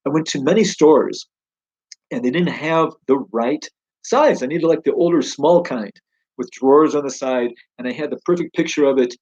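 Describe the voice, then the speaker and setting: Male Torah teacher, husky, eager and chatty; slightly dull recording. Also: a little high, normal speed, a little mellow. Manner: enthusiastic, conversational, exclaims wow. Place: home study.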